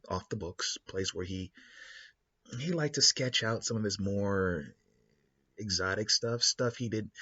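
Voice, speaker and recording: A man hosting a show, talking through a story idea in a rambling, animated way. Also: lowish voice, husky, muffled recording. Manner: rambling, animated, with many restarts. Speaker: host. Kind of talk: casual spoken storytelling.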